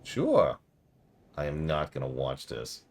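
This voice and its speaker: Gravelly low-voiced man streaming a game. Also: expressive, moderate pace. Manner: chatty, reads dialogue aloud, mutters to himself. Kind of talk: casual game stream commentary.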